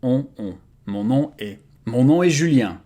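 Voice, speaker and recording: Quebecois guy teaching basics, says each phrase over and over real slow. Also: mid-range voice, animated, mellow. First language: French. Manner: slow, careful repetition of example phrases. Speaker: French teacher. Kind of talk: casual language lesson.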